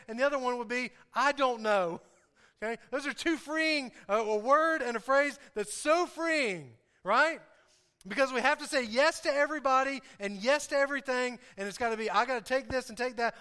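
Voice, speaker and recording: A man's voice: extremely high pitch, bright, forceful tone, smooth. A pastor preaching a sermon, earnest and confessional, who repeats his key phrases for emphasis and speaks straight to his congregation.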